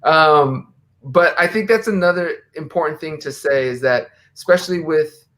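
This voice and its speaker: A man's voice: a little high, normal speed, a bit bright. An American man hosting a casual live video chat, talking conversationally and reading quotes aloud. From USA. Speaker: host.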